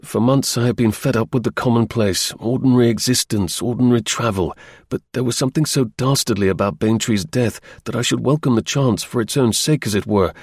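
A man reading the part of a blunt, restless young gentleman, in a clipped upper-class manner. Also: medium pitch, breathy edge, no room sound, studio quality.

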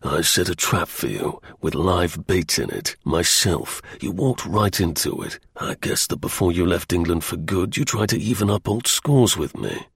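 A man's voice: low voice, animated, moderate pace, gravelly, hardly any pauses, slightly rough, dry recording, studio quality, full character voice. A man voicing a stern male secret service agent who talks in clipped, threatening lines. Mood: menacing.

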